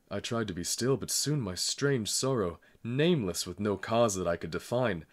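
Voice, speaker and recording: Deep-voiced man reading a novel. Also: expressive, moderate pace. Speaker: audiobook reader. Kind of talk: scripted narration.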